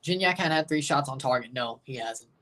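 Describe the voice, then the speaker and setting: A man's voice: medium pitch, fairly quick, sharp tone. A man hosting a live match watchalong, chatting casually and answering viewer comments as he reads them. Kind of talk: casual live reaction chat.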